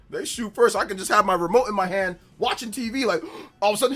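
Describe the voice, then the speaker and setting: A man chats casually on his gaming livestream, spinning animated stories and breaking into laughter often. His pitch jumps around a lot as he acts out quotes at full volume, while faint music plays behind him. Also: brisk.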